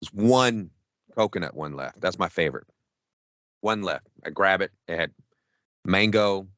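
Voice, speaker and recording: An unhurried, low-voiced man, heard without echo, is a podcast co-host sharing a wandering anecdote. The chat is casual and full of swearing, and he animatedly reenacts what he said.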